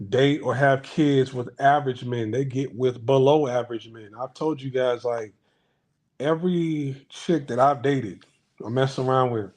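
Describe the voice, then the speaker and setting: This man hosts a commentary channel, his mid-range voice leaning dark. Talking casually to viewers, he rants bluntly, swears, restarts frequently, and acts out the voices of people in his anecdotes.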